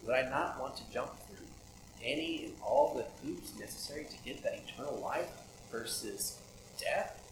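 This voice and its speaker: A man's voice: medium pitch, big pitch swings, moderate pace. A man preaching a sermon in a conversational way, asking many rhetorical questions. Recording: echoey room with audible background noise.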